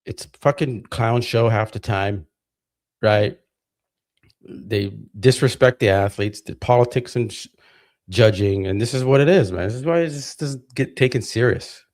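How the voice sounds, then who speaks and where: A man hosting a livestream rants heatedly, swearing a lot and repeating words and himself as he comments casually. His medium-pitched voice is unhurried and a little mellow.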